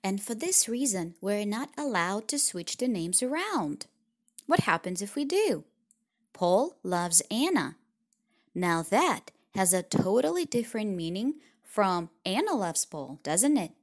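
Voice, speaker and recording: A woman's voice: medium pitch, measured pace. Woman teaching a language lesson. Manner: clear, explanatory, lively intonation.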